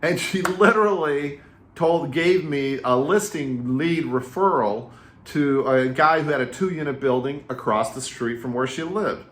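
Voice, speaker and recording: A man in his fifties, a real estate agent and coach, giving casual advice straight to camera and telling stories in a lively, repetitive way. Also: a little high, unhurried, slight background noise. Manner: energetic, chatty storyteller with repetitive phrasing. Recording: roomy echo.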